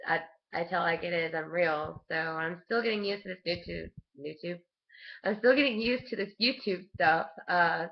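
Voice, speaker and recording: A woman's voice: lowish voice, creaky, lo-fi sound. A woman telling a rambling family story to her webcam, casual and chatty, with frequent restarts and laughs. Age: adult with a young son. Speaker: vlogger.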